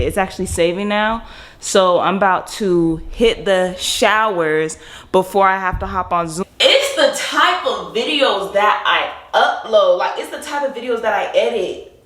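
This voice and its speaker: A woman's voice: medium pitch, fairly bright tone, slightly rough. A young woman, a college student, chatting playfully to her viewers in a casual vlog, filming herself on a handheld phone outdoors and in a car. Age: young adult. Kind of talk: casual vlog chat to camera. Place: outdoors on a windy day, then in a car.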